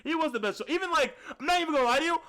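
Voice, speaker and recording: A young man co-hosting a film review chat, rambling and slangy, saying "like" constantly and getting excitable. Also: very high voice, racing. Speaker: podcast co-host reviewing a film. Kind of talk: casual chat.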